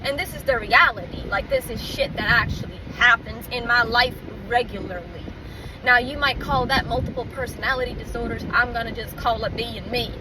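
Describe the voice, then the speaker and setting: A woman's voice: fairly high pitch, brisk. A woman rambling candidly in a casual monologue, swearing freely as she talks outdoors. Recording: distant mic with loud traffic noise.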